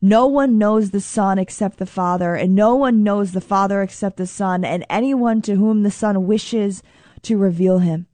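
A woman's voice: mid-range voice, moderate pace, dark tone, dry recording. A woman preaching a sermon in an earnest, emphatic way, repeating phrases for stress and reading scripture aloud.

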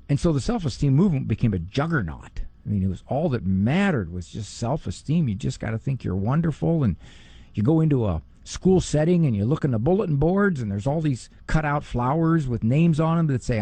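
A middle-aged man, a psychologist, giving a lively talk and often mimicking other people in a higher voice. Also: vocal fry, slightly rough, no room sound. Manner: animated, quick to mimic others in a high voice. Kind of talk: talk on parenting and faith.

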